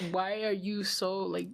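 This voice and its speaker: A young woman co-hosting a podcast, chatting casually with relaxed, chuckling asides. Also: medium pitch, slow, vocal fry. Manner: laid-back, chuckling asides. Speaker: podcast co-host.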